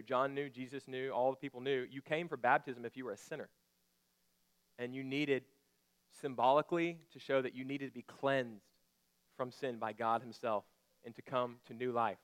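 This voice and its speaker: Give me a man preaching a sermon at a middle pitch, animated and earnest. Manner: animated preaching, rhetorical questions, drops to soft intensity. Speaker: pastor.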